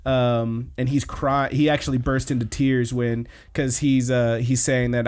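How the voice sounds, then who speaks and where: A man's voice: medium pitch, level tone, measured pace, hardly any pauses, a little mellow, smooth. A man hosting a podcast, casually recapping anime episodes in a rambling way with lots of fillers. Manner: rambling, filler-heavy retelling. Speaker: podcast host.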